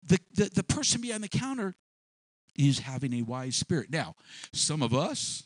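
A man's voice: sits high, sing-song, normal speed, fairly bright tone, dry recording. A man preaching a sermon, telling a story and acting out small scenes in changing voices.

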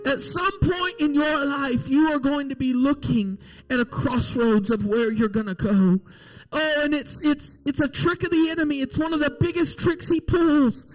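A man preaching a sermon in a church, impassioned, rising to shouts and often asking "can I tell you". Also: very high-pitched, normal speed, low-quality recording. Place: church service, also streamed online.

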